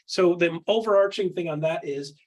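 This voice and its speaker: A man coaching on real estate in a candid chat, punching his points with quick rhetorical questions and acting out what other people say. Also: high voice, a little mellow. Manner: acts out quotes in other voices.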